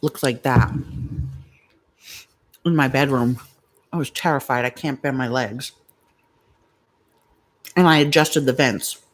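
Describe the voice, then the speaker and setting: A woman's voice: rumbling low, takes it slowly, pauses often. Chatty middle-aged woman vlogging at home. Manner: rambling, confiding, chatty asides to chat. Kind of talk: chatty live vlog talking to viewers.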